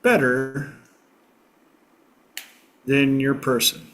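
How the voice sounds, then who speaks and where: A man hosts a casual group talk, speaking in an unhurried, thoughtful way. He often stops mid-sentence to search for the right word, then carries on calmly. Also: mid-range voice. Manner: slow, reflective, pausing to find words. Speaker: host.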